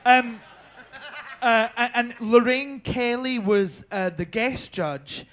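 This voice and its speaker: A man's voice: extremely high pitch, slow, a bit bright. A young Scottish man telling a rambling backstage story on a panel, chatty, swearing freely, with lots of ums and restarts. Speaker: drag performer, viewing party panelist. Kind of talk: casual anecdote telling.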